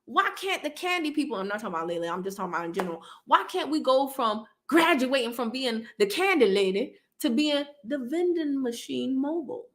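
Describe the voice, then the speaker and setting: Bright, chatty woman. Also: sits high, lively intonation, fairly quick, few pauses. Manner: chatty, laughing often, talks straight to her audience. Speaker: live stream host. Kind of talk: casual chat to live viewers.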